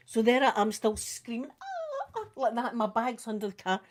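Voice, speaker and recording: A fairly high, fairly quick voice belongs to an older Scottish woman chatting on a live makeup vlog. She's an animated storyteller who acts out the screams and quotes in her casual anecdotes.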